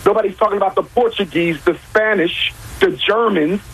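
A man's voice: sits high, moderate pace, a bit bright, husky, rough recording. A man arguing his points with emphasis on a talk show, repeating key lines and asking rhetorical questions. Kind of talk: impassioned talk-show argument.

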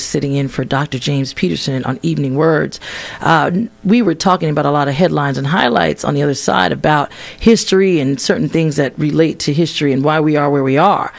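Gravelly-voiced man hosting a radio show. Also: a little high. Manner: conversational, slightly halting with self-corrections. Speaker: radio talk show guest host. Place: radio studio.

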